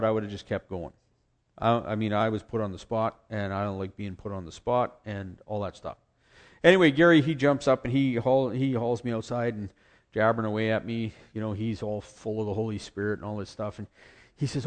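A man's voice: on the low side, fairly quick. A man telling his personal faith story in a conversational way, with restarts and short acted quotes of others.

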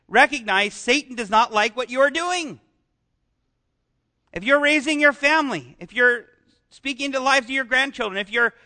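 A man's voice: very high voice, sharp tone. A man preaching a sermon as pastor, talking conversationally and asking the congregation questions.

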